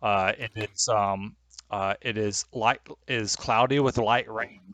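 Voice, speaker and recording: A man's voice: on the low side, steady tone, slow, fairly bright tone, no echo. A young man narrating as game master over a video call, rambling and hesitant with many fillers.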